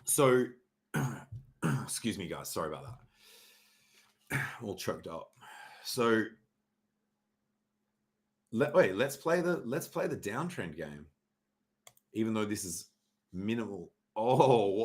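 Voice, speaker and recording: A man's voice: lowish voice, big pitch swings, slow pace, pauses often. Sarcastic man streaming chart talk. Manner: sarcastic, mock-dramatic, swears freely, frequent throat clearing. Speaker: livestream host reviewing crypto charts. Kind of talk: casual livestream chart talk.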